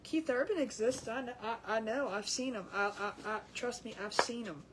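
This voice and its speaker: A woman's voice: fairly high pitch, normal speed, very noisy. A woman hosting a casual craft livestream, chatty and giggly, rambling with restarts as she works.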